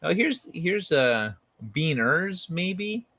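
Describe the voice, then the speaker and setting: A man's voice: on the high side, very animated, very slow, bright, forceful tone, no room sound. A man hosting a late-night livestream from his bed, chatting loosely with viewers and reading their messages aloud. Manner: rambling, laid-back, talks to chat by name. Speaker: livestream host reading chat. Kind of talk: late-night casual chat. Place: at home in bed.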